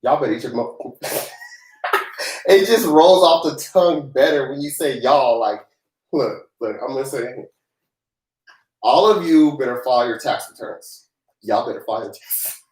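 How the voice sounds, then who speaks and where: A man's voice: mid-range voice, lively intonation, measured pace, long pauses, a little mellow. A man who grew up in the South, hosting a casual live-stream Q&A as a tax professional, chatty and joking with loose laughter. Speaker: tax professional livestream host. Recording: roomy echo.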